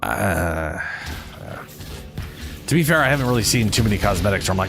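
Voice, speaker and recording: Male streamer, lower voice, swears freely, rambling gaming commentary. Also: lively intonation, measured pace, pauses often, over music. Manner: profane, ranting, self-correcting. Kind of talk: casual gameplay commentary.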